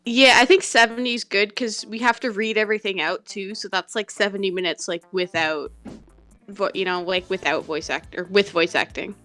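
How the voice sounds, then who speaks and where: Woman guest on a game stream, chatty and excited, fumbles words, faint music underneath. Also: mid-range voice, normal speed. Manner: chatty, enthusiastic, stumbles over words. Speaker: guest player. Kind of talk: casual chat while gaming.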